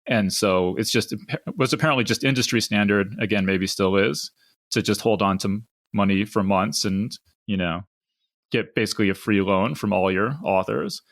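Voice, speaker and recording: A man's voice: lowish voice, normal speed, no room sound, studio quality. A man hosting a podcast, talking conversationally with frequent restarts. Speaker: podcast host. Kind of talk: casual discussion.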